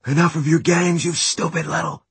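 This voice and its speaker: A man's voice: medium pitch, expressive, normal speed, slightly rough, no echo, voice pushed up. A man voicing a ruthless, contemptuous young man in an audiobook, snarling and hissing his words. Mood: sneering.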